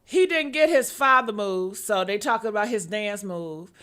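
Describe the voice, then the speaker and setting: A woman's voice: mid-range voice, lively intonation, measured pace, fairly bright tone. A woman vlogger reading out viewer comments in mock outrage, sarcastic, laughing often and repeating short exclamations.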